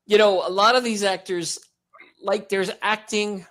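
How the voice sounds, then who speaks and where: A slightly hoarse man co-hosting a movie podcast, rambling and joking in casual chat. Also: high voice, fairly even intonation, unhurried, a bit bright. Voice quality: rambling, joking, laughs often. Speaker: podcast co-host.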